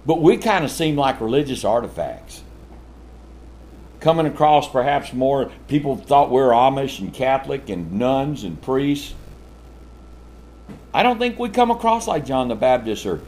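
A man preaching a sermon, swinging from shouted lines to hushed ones and laughing often. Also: mid-range voice.

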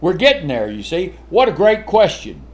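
An older man preaching a sermon, animated and full of rhetorical questions, with chuckling asides. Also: high voice, normal speed.

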